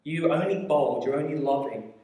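A man preaching a sermon, telling a story in an animated way with quick asides and acted-out quoted voices. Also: a little high. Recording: echoey hall, mic at a distance.

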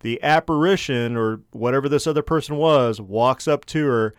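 A man's voice: mid-range voice, normal speed, clear, resonant tone, dry recording, studio quality. A young man co-hosting a podcast, telling a story in casual, profanity-heavy chat. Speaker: podcast co-host.

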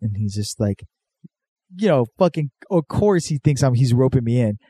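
Casual male co-host, rambling storyteller, mellow voice, close dry sound. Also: mid-range voice, sing-song, normal speed, slightly rough, dry recording. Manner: rambling, profane, laid-back, lots of fillers.

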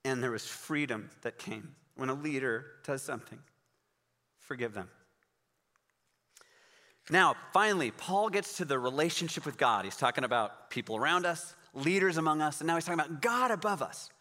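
A man's voice: on the high side, lively intonation, moderate pace, bright, forceful tone, long reverb tail. A pastor in his forties preaching a sermon in a conversational, storytelling way, with emphatic rises in his voice.

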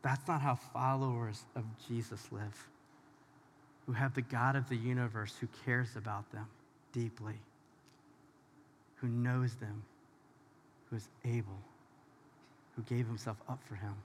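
A man's voice: medium pitch, steady tone, unhurried, long pauses, slight background noise. A man preaching a conversational sermon as pastor, talking straight to the audience in an informal, emphatic way. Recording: long hall reverb.

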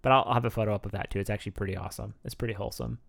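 Rapid-fire and gravelly, this lowish male voice belongs to a podcast co-host. He's relaxed and chatty in casual conversation, reading off facts with laughing asides.

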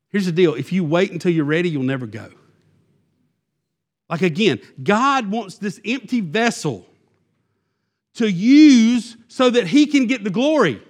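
A man delivers a sermon with a fairly high voice. His preaching is loose and conversational, and it is full of fillers and false starts. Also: lively intonation, unhurried, pauses often. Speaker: pastor.

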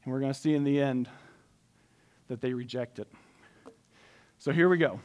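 A man preaching a conversational sermon, reading scripture aloud and explaining it, dropping his voice soft and slow for emphasis. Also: medium pitch.

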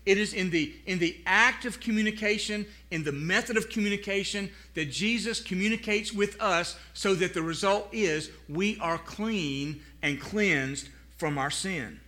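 A man preaching a sermon to a live congregation. He speaks earnestly, often repeats words as he starts over, slows down for scripture, and calls on the listeners to answer aloud. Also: high-pitched, sharp tone. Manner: asks the congregation to respond aloud. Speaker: pastor.

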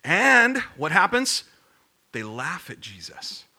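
A man's voice: fairly high pitch, wildly swooping pitch, slow, vocal fry, bright, forceful tone. A man giving a sermon as a pastor, telling the story casually and acting out the voices in quotes.

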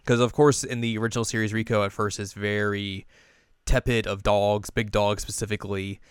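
Guy recapping an anime episode, smooth lowish voice, dry close sound, does squeaky character voices. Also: brisk, no echo. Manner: animated, acts out characters' lines in high squeaky voices. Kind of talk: casual reaction chat.

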